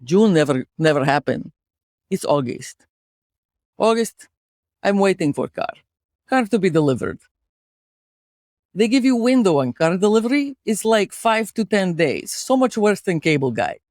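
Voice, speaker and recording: Put-on Russian accent, deadpan and fatalistic, no articles, done by a woman host. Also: mid-range voice, measured pace, pauses often, no echo, studio quality. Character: gloomy Russian-accented woman telling a story.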